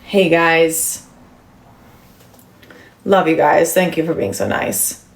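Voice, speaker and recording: A woman's voice: low voice, very animated, takes it slowly, creaky, roomy sound. A woman in her thirties hosting a casual livestream, chatting with viewers and answering their comments with lots of fillers. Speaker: livestream host.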